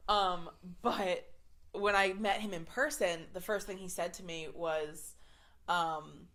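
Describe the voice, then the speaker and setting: Bright-voiced chatty woman podcast host. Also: lowish voice, slow. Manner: animated, swears freely, says "like" a lot. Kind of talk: casual storytelling chat.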